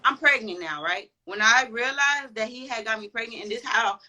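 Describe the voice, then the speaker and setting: A woman's voice: on the high side, moderate pace, sharp tone, poor audio. A woman guest on a chat podcast telling a personal story candidly, with lots of slang and swearing. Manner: candid, profane, slangy and emphatic.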